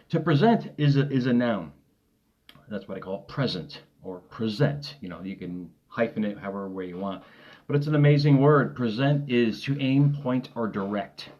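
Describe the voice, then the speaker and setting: Motivational coach, male, lowish voice, chatty and rambling, dull lo-fi live-stream audio. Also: darkish tone. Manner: rambling, upbeat, laughs often, repeats himself. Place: home desk.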